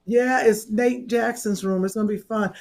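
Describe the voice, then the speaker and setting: A woman co-hosting a casual podcast, talking loudly with laughter and halting restarts. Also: medium pitch, fairly even intonation. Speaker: co-host.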